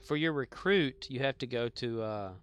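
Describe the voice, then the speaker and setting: A man's voice: medium pitch, measured pace, gravelly. A man streaming a game, joking and rambling playfully in casual commentary.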